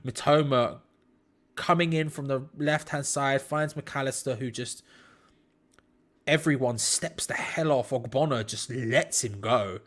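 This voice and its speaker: A man's voice: medium pitch, measured pace, a bit bright. A man hosting a live football watch-along, commenting on play to his chat in disbelief and laughing at bad defending.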